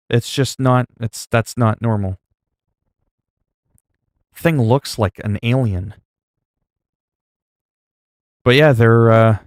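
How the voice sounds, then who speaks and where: A man casually chatting with his stream audience, rambling with many fillers, and getting louder when he reacts in disgust. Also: dry recording, clean studio sound. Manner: gets loud and higher when reacting in disgust. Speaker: livestreamer.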